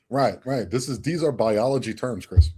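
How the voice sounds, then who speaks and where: A man's voice: mid-range voice, lively intonation, normal speed, warm tone, a little hiss or hum. Laughing, loose-talking male podcast co-host. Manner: laughs often, cackles, loose profane banter. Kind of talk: casual chat.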